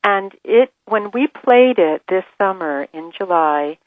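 A woman author telling stories as a radio guest, enthusiastic and animated. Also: medium pitch, slow pace, dry recording, narrow, tinny audio. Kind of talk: radio interview.

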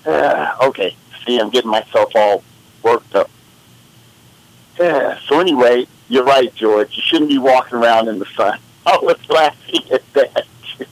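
A man's voice: mid-range voice, unhurried, no echo, low-quality recording. A man co-hosting a radio show, rambling in casual chat and getting worked up as he tells stories. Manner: animated, rambling, exasperated storytelling. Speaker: radio co-host.

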